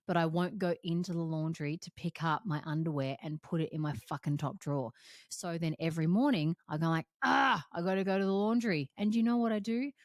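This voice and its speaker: A woman's voice: lowish voice, a little mellow, no room sound, clean studio sound. A woman hosting a casual solo podcast, candid and laughing often as she talks, swearing freely. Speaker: podcast host and coach.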